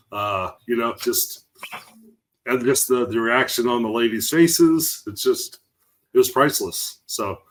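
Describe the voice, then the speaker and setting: A man's voice: mid-range voice, fairly bright tone, rough recording. A man co-hosting a podcast, chatting in a laid-back, agreeable way with many fillers. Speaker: podcast co-host. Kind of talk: casual chat.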